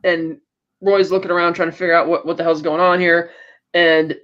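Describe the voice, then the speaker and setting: High-voiced man recapping a TV episode. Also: fairly quick, dull audio. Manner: animated storytelling, acting out quoted lines. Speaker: podcast co-host.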